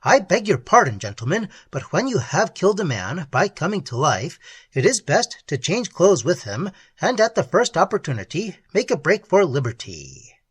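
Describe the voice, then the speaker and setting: A man's voice: sits high, very animated, moderate pace, slightly rough, no echo, pitched above the performer's own voice, heavily acted. A man voicing a deranged white-haired older male doctor, courteous and vague with bursts of ferocity, in a storybook reading. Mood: courteous, sly. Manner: vague, then sudden ferocity.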